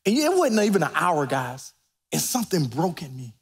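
A man preaching a sermon as pastor in a church, animated and preacherly, rising to near-shouts. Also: a little high, normal speed, gravelly. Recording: reverberant church sanctuary.

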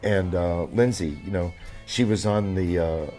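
Older man, seventies, very low voice, rambling interview storyteller, faint music underneath. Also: warm tone. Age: 70s. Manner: rambling, halting with fillers and restarts. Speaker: drummer.

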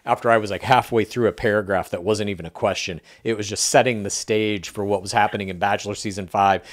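A man co-hosting a casual podcast, telling an anecdote with animated delivery and acting out the dialogue he quotes. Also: lowish voice, fast. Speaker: podcast co-host. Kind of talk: casual podcast chat, storytelling.

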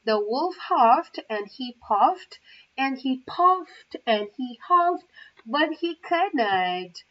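A woman's voice: high-pitched, animated, drawn-out words, fairly bright tone. A woman training as an English teacher, reading a children's story aloud carefully, with small asides. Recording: muffled, from far off the mic.

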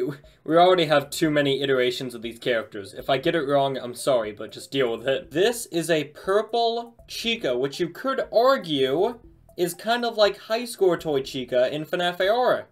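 A man hosting a casual toy unboxing review, talking in an excited, chatty, slangy way. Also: high voice.

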